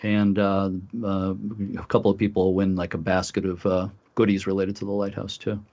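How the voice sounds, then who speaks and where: A man with a low voice talks in a halting, casual way, stopping often on filler sounds. The sound is dull and lo-fi, as on a muffled radio line. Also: completely flat delivery, darkish tone. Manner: halting, many filler uhs. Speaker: lighthouse group volunteer leader. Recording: dull lo-fi recording.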